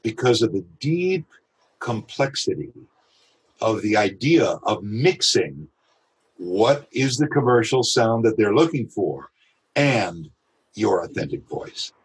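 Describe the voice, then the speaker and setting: A man with a very husky, low voice speaks as a guest on a podcast. He works through ideas about his craft in a reflective, example-driven way. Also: sing-song. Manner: reflective, explains with examples and quick imitations. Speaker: voice actor guest. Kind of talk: podcast interview talk.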